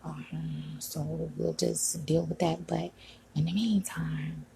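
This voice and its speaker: A woman venting in an upset vlog, talking agitatedly and sometimes dropping to a hush, recorded at home on a phone. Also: deep voice, level tone, takes it slowly, vocal fry, a little hiss or hum, rough recording. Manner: agitated, venting, frequent "like" and "you know". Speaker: vlogger. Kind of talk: upset personal vlog rant. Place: home room.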